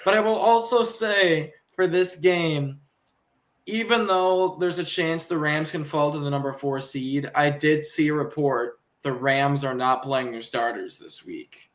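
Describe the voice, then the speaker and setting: A young man with a somewhat high voice hosts a casual sports podcast. He talks in an easygoing, rambling way and fills pauses with ums and soft chuckles. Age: young adult. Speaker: podcast host.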